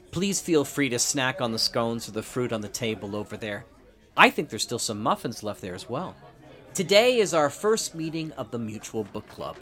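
A man hosting an audio drama show and introducing a story he wrote, in a scripted announcer style. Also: medium pitch. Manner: warm-up announcer delivery, lively. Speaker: host and author.

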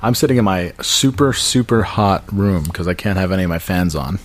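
Male podcast co-host, low voice, casual and profane, quick to laugh. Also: animated. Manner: loose, profane, laughs often, slips into mock voices. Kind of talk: casual chat.

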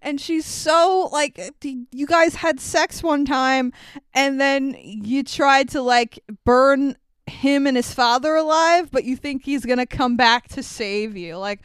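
A woman's voice: sits high, slow pace, dry recording. A woman co-hosting a podcast, chatting about a movie with frequent laughs and sarcastic asides. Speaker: podcast co-host. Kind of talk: casual movie recap chat.

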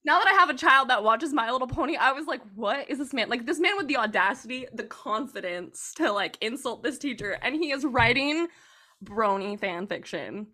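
A woman in her thirties telling a story on a casual podcast, animated and chatty, with plenty of "like" and laughter. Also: a little high, normal speed.

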